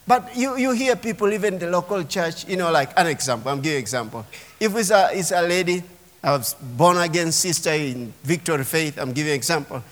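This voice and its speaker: Speaking a little fast in a slightly high voice, the pastor delivers an emphatic sermon and calls for the congregation's response. The church sanctuary echoes with a large hall's long reverb.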